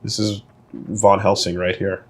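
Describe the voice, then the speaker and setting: A man's voice: lowish voice, level tone, a little slow, slightly rough. A man hosting casual, joking commentary over a video game, with lots of banter. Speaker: host, let's play commentator. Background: game music.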